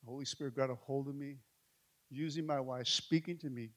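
A middle-aged male pastor, telling a story in a sermon, swinging between hushed and loud. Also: mid-range voice, fairly even intonation, fairly quick.

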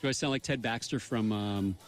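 A man's voice: on the low side, a little fast, soft background music. A middle-aged man co-hosting a radio show, joking around in goofy, mock-pompous banter.

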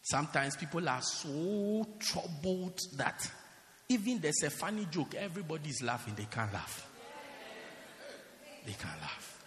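A man's voice: on the high side, sing-song, unhurried, background noise. A man preaching a sermon as pastor, emphatic and repeating his phrases for effect. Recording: echoey hall with long reverb.

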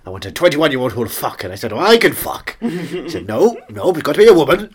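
A man's voice: on the high side, very animated, quick pace, husky. A man co-hosting a podcast in casual chat, rambling and joking with mock-grand asides. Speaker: podcast co-host.

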